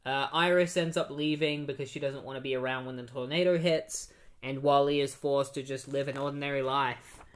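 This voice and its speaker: A man's voice: medium pitch, fairly even intonation, fairly quick. A man casually recapping comic issues on a podcast, rambling with many fillers and restarts. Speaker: podcast host.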